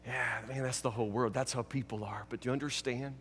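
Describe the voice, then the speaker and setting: A pastor giving a sermon, preaching emphatically and repeating key phrases, dropping from loud to hushed. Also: male voice, medium pitch, fairly even intonation, fast talker, in a large hall.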